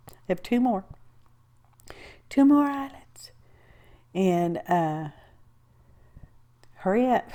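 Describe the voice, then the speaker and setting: With a mellow, medium-pitched voice, a woman hosts a crafting video, narrating a casual tutorial. She rambles, tosses in asides, and talks to herself as she works.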